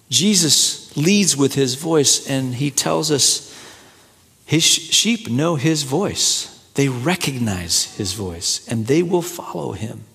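A man preaching a sermon, rising to excited peaks and then falling soft and low. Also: slow pace, vocal fry. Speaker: pastor. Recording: echoey hall with long reverb.

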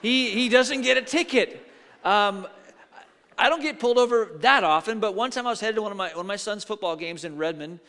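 Speaking fairly quickly in a high-pitched, bright, forceful voice, a middle-aged male pastor preaches a sermon in a church sanctuary. He tells stories animatedly and acts out the quotes, with long hall reverb in the recording.

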